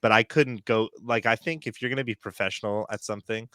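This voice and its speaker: A man's voice: fairly low pitch, fairly even intonation, fast talker, bright, forceful tone, clear, resonant tone, no room sound, clean studio sound. A man co-hosting a podcast, chatting casually and ranting with laughs. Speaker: podcast co-host. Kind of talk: casual chat.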